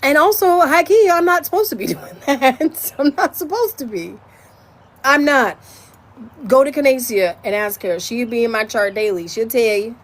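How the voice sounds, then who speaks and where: Brief: woman host, higher voice, frank, swears, loose spiritual chat. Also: moderate pace. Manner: candid and animated, swears freely, laughs and breaks into song. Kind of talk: casual monologue.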